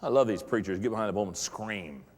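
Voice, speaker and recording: A man's voice: on the low side, quick pace. A middle-aged man giving a humorous motivational talk to pastors, joking and playfully acting out other voices before an audience in a large hall. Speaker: leadership speaker addressing pastors. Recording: long reverb of a large hall.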